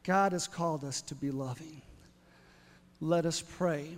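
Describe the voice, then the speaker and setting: High-voiced preacher in an echoing hall. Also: male voice, measured pace. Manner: storytelling, rising to loud exclamations. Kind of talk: sermon.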